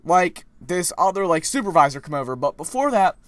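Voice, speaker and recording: A young man vlogging casually, retelling a story in a rambling, animated way with many restarts. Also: a little high, fairly quick, dry recording.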